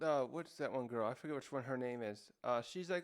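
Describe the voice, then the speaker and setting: This is a man of medium pitch with a clean tone, hosting a relaxed review of a manga chapter. Rambling and searching for the right words, he uses many fillers and acts out lines from the characters in rapid, raised voices.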